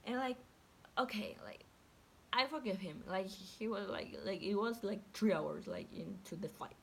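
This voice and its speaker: A young woman tells a story in a loose, chatty way, swearing freely and filling every pause with "like." She acts out what people said as she goes. A faint hiss sits under her voice. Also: medium pitch, creaky, fairly bright tone. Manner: chatty and profane, packed with "like", acts out quotes. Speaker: vlogger. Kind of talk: casual storytelling.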